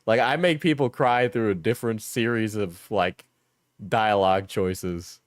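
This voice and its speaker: A man's voice: fairly low pitch, unhurried, no room sound, clean studio sound. A man with an Australian accent doing reaction commentary, joking and laughing between remarks. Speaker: commentary streamer.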